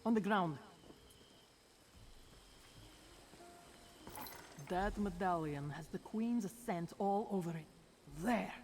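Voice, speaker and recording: A brawling cat-folk warrior in a video game, growling and blunt as she sniffs out a trail. Her voice sits on the low side, with a faint hiss of noise in the background. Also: darkish tone. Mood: tracking. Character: tough feline warrior woman, fight-loving and hungry. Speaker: game character.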